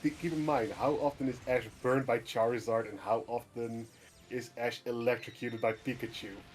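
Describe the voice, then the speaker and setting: A man streaming a game, chatting casually and reading entries aloud in a relaxed, rambling way. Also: mid-range voice, normal speed, a little hiss or hum. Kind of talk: casual gaming chat. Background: faint game music.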